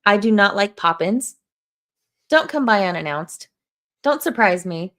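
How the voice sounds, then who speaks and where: A woman's voice: mid-range voice, animated, unhurried, fairly bright tone. A woman hosting a podcast in casual chat, thoughtful and wry, often speaking in broken phrases. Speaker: podcast host.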